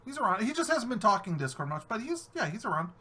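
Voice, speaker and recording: Bright, high-pitched male podcast host from New York State, lively and chatty, slips into voices for his stories. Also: fast. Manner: animated storyteller, acts out other voices. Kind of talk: casual chat.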